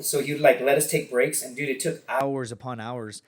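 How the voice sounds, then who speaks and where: Animated, profane storytelling podcast guest. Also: male voice, medium pitch, fast talker, slightly rough. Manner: animated storyteller, acts out quotes, swears often. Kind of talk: casual storytelling.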